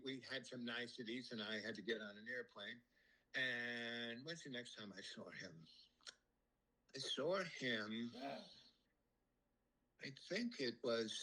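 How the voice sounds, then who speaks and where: A man tells a long personal anecdote in a loose, halting way, full of ums and restarted phrases. His voice is bright and forward. He jumps higher in pitch whenever he acts out what someone said. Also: poor audio. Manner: lifts voice high when quoting people. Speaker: storyteller guest. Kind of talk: casual anecdote telling.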